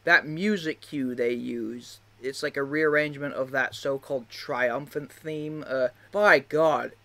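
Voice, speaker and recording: A man's voice: mid-range voice, unhurried, pushed and bright. A man giving casual, rambling video commentary, with many fillers and frequent laughs. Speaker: video creator.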